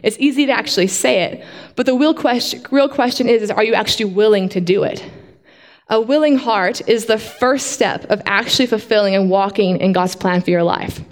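A woman preaching a sermon to a congregation in a lively way, often asking them questions. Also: medium pitch, a little fast, in a large hall. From not from Australia.

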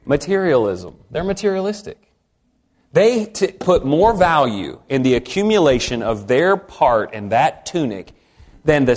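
A man with a mid-range voice delivers a sermon conversationally, posing questions to the congregation. His delivery shifts from hushed, slow passages to emphatic ones.

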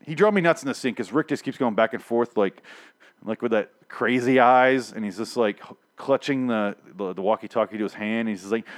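A man casually recapping a TV episode in a rambling, profane, animated way. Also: mid-range voice, fairly quick. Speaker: TV show recapper.

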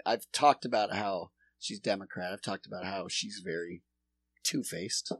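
A man's voice: low voice, a little slow, a bit bright. A man co-hosting a casual podcast, ranting with heavy swearing. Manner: profane, ranting.

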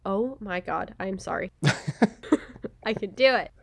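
A woman reads her own review script with a dry, sarcastic edge. She laughs often and restarts lines when she fumbles a word. Her voice sits at an ordinary middle pitch. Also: animated, slow, vocal fry, pauses often. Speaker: podcast host reading a review script. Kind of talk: casual recorded commentary read from a script.

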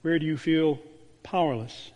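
A man, a pastor, delivering a sermon with a storytelling manner, dropping to a hushed voice on key words. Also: on the high side, normal speed. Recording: long church reverb.

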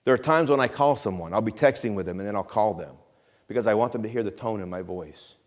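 A middle-aged man preaching a calm, conversational sermon in a church, often dropping to a quiet low voice and asking the congregation questions. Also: fast. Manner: asks the congregation questions and repeats phrases. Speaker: pastor. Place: church sanctuary.

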